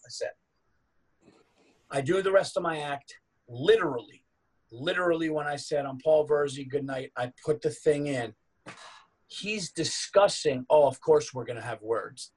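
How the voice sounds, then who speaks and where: A middle-aged man, a stand-up comedian, telling a story in casual chat with lots of swearing and quick asides. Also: medium pitch, low-quality recording.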